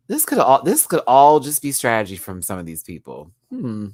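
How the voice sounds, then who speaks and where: A man hosting a live review of a reality show, talking in an animated, slangy way. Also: low voice, normal speed, few pauses, dry recording, clean studio sound. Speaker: show host.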